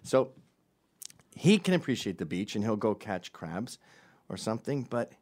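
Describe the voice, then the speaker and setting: Sardonic, profane comic with lively pitch. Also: male voice, moderate pace, long pauses. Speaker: comedian. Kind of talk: comedic monologue.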